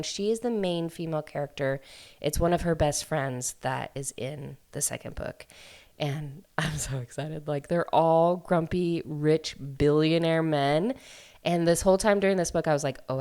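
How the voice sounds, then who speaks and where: A woman with a low, deep voice hosts a book podcast. She talks in a loose, chatty way, full of fillers and quick asides, like she is telling a friend about a novel. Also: clear, resonant tone. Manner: chatty, filler-heavy, animated storytelling. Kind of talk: casual book review chat.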